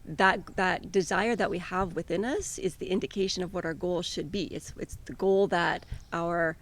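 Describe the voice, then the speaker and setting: A woman's voice: on the low side, fairly even intonation, moderate pace. A woman life coach co-hosting a podcast, explaining ideas in an earnest, encouraging way. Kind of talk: casual conversational podcast.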